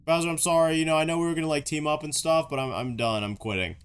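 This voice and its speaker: A man's voice: on the high side, quick pace, smooth, pitched above the performer's own voice, close to an everyday voice. A man voicing a timid, apologetic grown man who stumbles over his words as he backs out of a villain's team.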